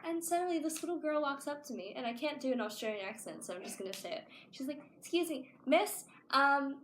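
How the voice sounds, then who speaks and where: A woman's voice: sits high, expressive, quick pace, echoey room, slight background noise. A young woman telling a funny story in a casual, chatty way, full of "like"s. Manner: chatty, laughing, many "like"s. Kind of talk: casual anecdote.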